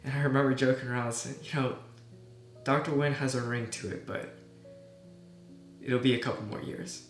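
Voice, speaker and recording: A young man, a medical student, earnestly telling a personal story in a soft voice that often trails off quietly. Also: mid-range voice, steady tone, moderate pace, pauses often. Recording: echoey room with soft guitar music.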